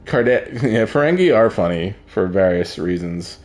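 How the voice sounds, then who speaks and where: A man's voice: lowish voice, lively intonation, normal speed, darkish tone. A man giving casual gameplay commentary, rambling, crude and sardonic as he plays. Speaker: gaming streamer.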